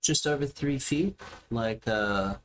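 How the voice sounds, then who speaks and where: A man running a tabletop game as game master, describing scenes in a halting way over a voice call. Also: medium pitch, fairly bright tone, slight background noise. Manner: halting, with many restarts and fillers.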